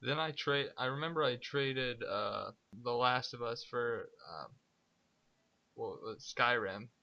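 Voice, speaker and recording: A young man chatting casually as a podcast guest, retelling old high school stories with a laugh. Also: slow pace, gravelly, no room sound, lo-fi sound. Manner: laid-back, laughing retelling. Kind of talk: casual chat.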